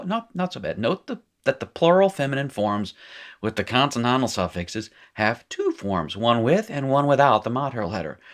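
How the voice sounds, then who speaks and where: A man's voice: mid-range voice, a bit bright. A man teaching a recorded lesson in a casual, rambling way, reading from a textbook and correcting himself as he goes. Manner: rambling, self-correcting, joking asides; reads textbook aloud then comments.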